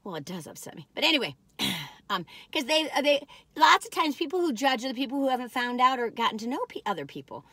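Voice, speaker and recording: Woman vlogger, bright and lively, folksy rambling chat in a dry car interior. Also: a little high, fast, breathy edge, no room sound. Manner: folksy and chatty, drifts off topic. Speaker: vlogger reviewing cookies. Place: parked car.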